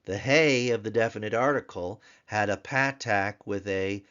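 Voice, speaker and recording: A man teaching a recorded grammar lesson, slowly repeating each word several times for drill. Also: lowish voice, a bit bright, clean tone. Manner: slow, repeats words for drill. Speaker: language teacher. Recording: dull lo-fi sound.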